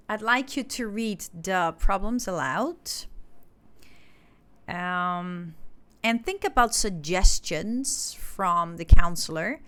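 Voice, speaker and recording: A woman's voice: mid-range voice, pushed and bright. A woman with an Indonesian accent, patiently teaching an English class step by step, with frequent filler sounds as she explains. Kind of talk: classroom instruction.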